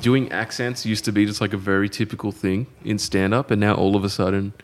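A man's voice: fairly low pitch, flat delivery, a little fast. An Australian man hosting a podcast, chatting in an easygoing way and stumbling over words now and then. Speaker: podcast host and comedian. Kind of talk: casual podcast chat.

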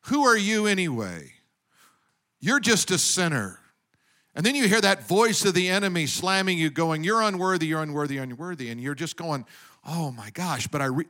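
A man's voice: a little high, a bit bright. Man preaching a conversational sermon. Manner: conversational preaching, rising emphatically on key points. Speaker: pastor.

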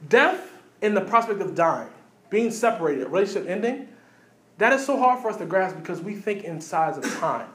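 A fairly high-voiced man preaches, jumping between quick asides and repeated phrases. His voice rings out through a roomy church hall. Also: animated, fairly bright tone. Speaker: pastor. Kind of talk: sermon.

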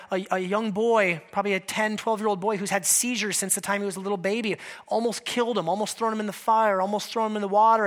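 A male pastor preaching a lively, conversational sermon, acting out quotes from scripture figures. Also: high-pitched.

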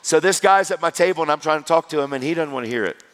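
A middle-aged man preaching his personal testimony in a conversational style, swinging between loud and hushed. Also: on the high side, racing. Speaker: evangelist. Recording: long reverb of a large hall.

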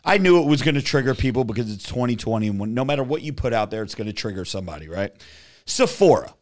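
A man from New Jersey hosting a podcast, telling crude stories in loud, profane, swaggering banter. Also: medium pitch, lively intonation, fast. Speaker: podcast host.

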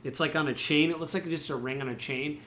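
A man's voice: a little high, fairly even intonation, quick pace, fairly bright tone, a little hiss or hum. A man narrating a tabletop game as game master, talking casually and rambling with many fillers.

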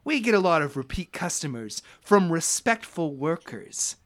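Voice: mid-range voice, big pitch swings, moderate pace, natural voice. A game master voicing an arrogant male restaurant manager who is secretly a young blue dragon, speaking in a haughty, condescending way.

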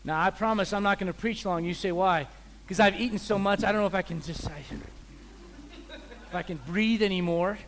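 A visiting preacher, a man giving a sermon in an animated, joking way, acting out little scenes. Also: sits high, brisk, slight background noise. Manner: animated, joking, acts out voices.

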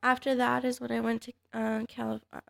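A woman's voice: on the high side, little pitch movement, brisk, creaky, fairly bright tone, no echo, studio quality. A woman, a fighter guest, chatting casually and hesitantly, with many fillers and restarts. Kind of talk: casual podcast chat.

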